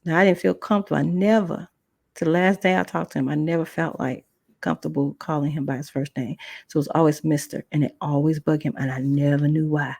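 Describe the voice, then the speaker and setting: Woman with a low voice, podcast storytime, chatty, acts out the quotes, dry close sound. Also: steady tone, quick pace, gravelly, a little mellow, husky, no room sound. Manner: conversational, acts out dialogue in voices. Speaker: podcast host. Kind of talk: personal storytelling.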